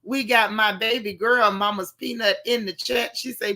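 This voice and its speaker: A woman's voice: mid-range voice, normal speed, hardly any pauses. A middle-aged woman hosting a casual livestream, greeting viewers one by one in a chatty, slangy way, her throat still recovering. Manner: warm, chatty, Southern-style slang, calls viewers y'all. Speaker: livestream host. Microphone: live stream mic with sound trouble.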